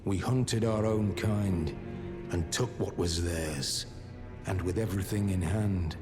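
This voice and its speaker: A stern, deep-voiced zealot. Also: male voice, takes it slowly. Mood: grim. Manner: formal, archaic and grim. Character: stern male zealot of a fallen order. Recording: game audio with loud music.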